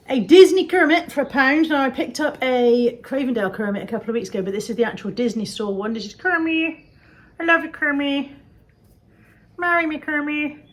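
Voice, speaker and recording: A woman's voice: mid-range voice, a little mellow, low-quality recording. A woman from England showing off her second-hand finds in a chatty, jokey, rambling way. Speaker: vlogger showing resale finds. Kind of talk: casual chat.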